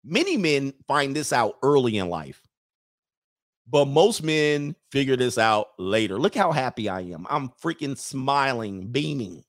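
A man's voice: medium pitch, very animated, unhurried. A man hosting a show, giving a blunt, opinionated monologue to his viewers and acting out the voices of people he quotes.

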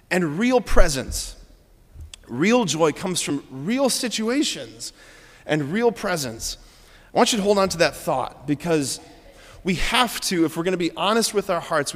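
A Catholic priest giving a Sunday homily in an animated way, often checking in with the congregation by asking "right?". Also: male voice, a little high. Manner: animated, frequent "right?" asides. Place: large church. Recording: reverberant church hall.

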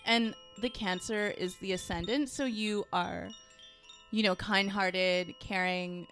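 A woman chatting casually as she reads a star chart and tarot cards, full of fillers and quick asides. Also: mid-range voice, steady tone, a bit bright, faint music behind. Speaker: tarot and astrology reader. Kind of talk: casual chat.

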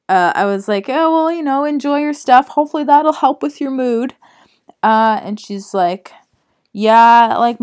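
Medium in pitch and a little mellow, this young woman co-hosts a relaxed podcast. She's a rambling storyteller who performs the voices of the characters in her tales.

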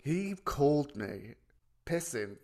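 A man's voice: medium pitch, big pitch swings, slow, a crowd in the background. A man co-hosting a podcast, chatting about films animatedly and swearing freely. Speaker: podcast co-host. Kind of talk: casual film chat.

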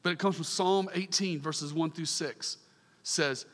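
A man preaching a sermon, earnest and emphatic, swinging from fervent calls down to soft, quiet asides. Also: a little high, measured pace, big-room sound.

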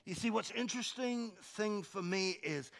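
A man preaches from a church stage in a slightly raised, gravelly voice. He shifts between quiet asides and loud, rising exhortation, and stumbles over repeated words as he starts a phrase. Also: high-pitched, normal speed. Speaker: pastor. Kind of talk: sermon.

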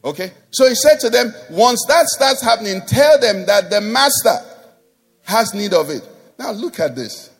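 A man's voice: sits high, expressive, normal speed, gravelly, slightly rough, soft background music. A man preaching a sermon as pastor, emphatic, with call-and-response questions to the congregation.

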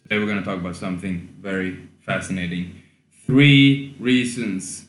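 A man's voice: low-pitched, normal speed. Swedish-accented man, crude podcast banter. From Sweden. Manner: crude, joking, rambling with restarts. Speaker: podcast host. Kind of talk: casual podcast chat. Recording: echoey room.

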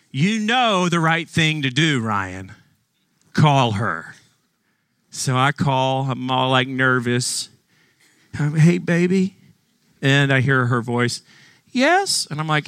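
A male pastor delivers a sermon close to a dry microphone, with no room echo. He tells stories casually and with humor, slowing his pace to stress key lines, and his tone stays bright and forceful. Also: medium pitch. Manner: conversational, storytelling with humor, slows for emphasis.

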